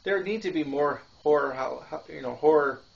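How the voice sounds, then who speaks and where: A man's voice: a little high, moderate pace, gravelly. A man hosting a casual film-review show, rambling with lots of fillers and restarts and laughing between thoughts. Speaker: podcast host reviewing films. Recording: dull lo-fi home recording.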